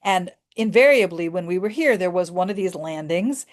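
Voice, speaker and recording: Animated and speaking at a normal pace in a lower voice, a middle-aged woman from the United States shares a personal story. Her telling is earnest and emotional, with frequent restarts.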